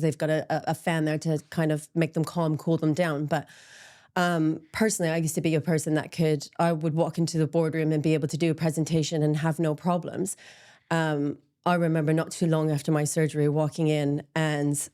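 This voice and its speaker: A woman's voice: low-pitched, little pitch movement, brisk, dark tone. A middle-aged woman speaking openly in an interview, with frequent ums and laughing at herself as she talks. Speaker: interview guest, menopause support group founder. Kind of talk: candid conversational interview.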